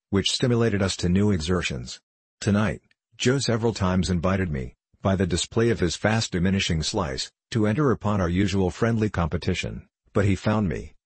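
Deep husky man narrating a novel. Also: no echo. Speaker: audiobook narrator. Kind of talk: scripted narration of a classic novel.

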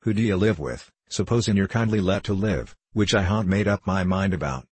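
A man voicing a fierce, hungry escaped convict who growls threats in a deep, husky voice. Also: a little fast, a little mellow, no echo. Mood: menacing.

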